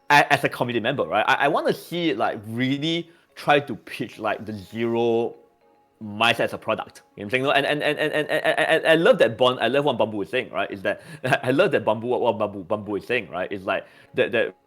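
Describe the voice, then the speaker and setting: A man talks loosely in an online voice chat, stumbling over his words and repeating himself as he works toward a point. His pitch sits in an ordinary middle range. Soft music runs quietly underneath. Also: expressive, fast. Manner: stammering, many repeated words and fillers. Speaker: community member. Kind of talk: casual voice-chat discussion.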